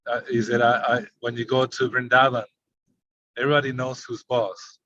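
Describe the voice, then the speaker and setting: A man with a bright, forceful voice chats in an online study group and chuckles through his anecdotes. His sound comes over dull, lo-fi call audio. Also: mid-range voice, little pitch movement, moderate pace, no room sound. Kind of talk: casual chat.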